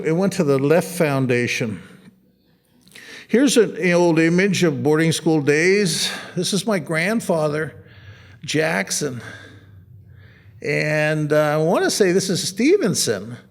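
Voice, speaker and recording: A man's voice: fairly high pitch, lively intonation, slow, long pauses. Rambling, joking man at a museum talk. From United States. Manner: rambling, anecdotal, with self-corrections and a joking tone. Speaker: artist giving a talk about his photographs. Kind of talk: casual gallery talk. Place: art museum.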